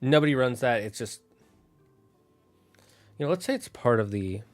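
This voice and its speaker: Brief: man, mid-pitched, dry close mic, ponders aloud while worldbuilding on stream, keys clicking behind. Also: expressive, dry recording, faint music behind. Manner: thinking aloud, halting and restarting. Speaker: streamer building a fantasy world. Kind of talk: casual solo stream chat.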